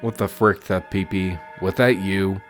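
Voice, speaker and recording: A man voicing a panicky, foul-mouthed young boy who yells in a raised voice. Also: lively intonation, moderate pace, faint music behind, close to an everyday voice. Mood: angry. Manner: yelling, high and frantic.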